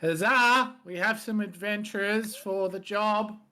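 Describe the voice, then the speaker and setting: A man voicing a fairly old, bearded male halfling clerk with a high, excitable voice. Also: unhurried. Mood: excited.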